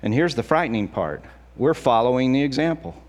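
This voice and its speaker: Speaking a little fast in a mid-range voice, a middle-aged male pastor gives a spirited, conversational sermon and acts out quotes along the way.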